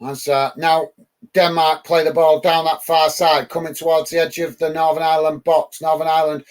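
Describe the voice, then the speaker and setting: A man from the UK hosting a live football watch-along, calling the match and chatting casually with viewers, with frequent ums and uhs. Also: a little high.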